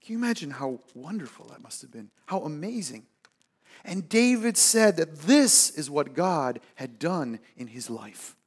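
A man preaching a sermon and telling a personal story, moving from loud emphasis to hushed asides and acting out the people in it. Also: on the high side, big pitch swings, measured pace, husky. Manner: acts out the people in his stories. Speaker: pastor.

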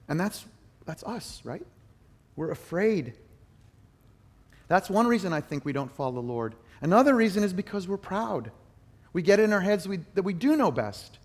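A middle-aged man preaching a sermon, telling a personal story with animated, emphatic bursts. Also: high-pitched. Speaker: pastor.

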